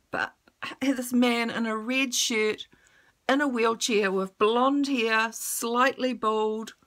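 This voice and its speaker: Slow, bright-voiced woman telling a story. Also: on the high side. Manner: emotional, blunt, swears freely. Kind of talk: personal storytelling vlog.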